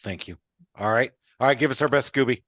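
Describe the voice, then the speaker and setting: A man's voice: mid-range voice, a little fast, fairly bright tone, dry recording, clean studio sound. A man hosting a podcast, chatting casually, joking around, swearing freely and hyping up his listeners. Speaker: podcast host. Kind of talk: casual chat.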